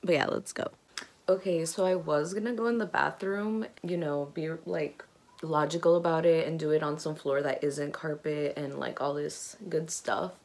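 A woman's voice: deep voice, fairly even intonation, normal speed, vocal fry, a little mellow. A young woman vlogging from her bedroom, talking nervously and giggling between gasping exclamations. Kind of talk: casual vlog chat. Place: bedroom at home.

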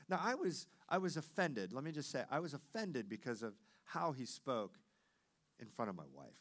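A middle-aged man, a pastor, preaching a sermon with animated storytelling that swings between loud and hushed delivery. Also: medium pitch, normal speed.

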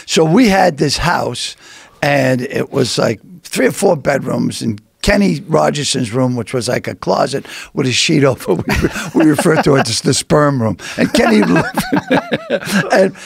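An older man, a comedian telling a rambling, loud story with bursts of laughter. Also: a little high, wildly swooping pitch, measured pace, no room sound. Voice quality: gravelly. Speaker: comedian guest. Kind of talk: animated storytelling.

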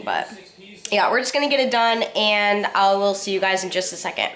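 A woman's voice: medium pitch, brisk, a bit bright. A woman in her twenties vlogging casually to the camera, chatty and bubbly, with a nasal, stuffed-up voice from a cold. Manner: chatty, bubbly, with frequent swearing. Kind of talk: casual vlog talk to camera.

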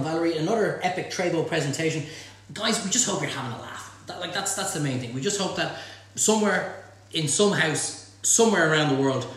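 An Irish man hosting a live cook-along from his kitchen, joking and bantering with viewers as he reads out their comments. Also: fairly high pitch. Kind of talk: live-streamed cooking demonstration. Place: home kitchen. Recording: echoey kitchen room.

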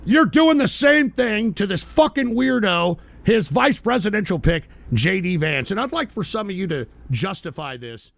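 A man hosts a livestream in a profane, ranting style and often breaks into yelling. His voice is high and gravelly. His pitch swings widely, and he sounds close to a desk mic. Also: animated, normal speed, few pauses, no room sound. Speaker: livestream host.

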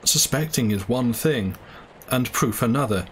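A man's voice: mid-range voice, animated, unhurried, slight background noise, close to an everyday voice. A man reading the part of a cynical, cool-headed young doctor who speaks in a sneering, offhand way.

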